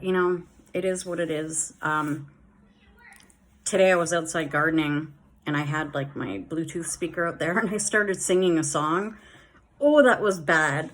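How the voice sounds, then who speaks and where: A woman's voice: sits low, fairly bright tone. A woman vlogging casually about her dental recovery, rambling with many fillers and a slight lisp on her S sounds while wearing new dentures. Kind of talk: casual chat.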